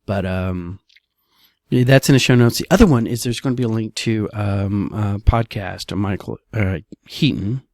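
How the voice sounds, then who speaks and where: A man's voice: lowish voice, normal speed, a little mellow, no echo, clean studio sound. A man, a real estate broker, talking casually in a solo podcast, loose and chatty, often saying "all right".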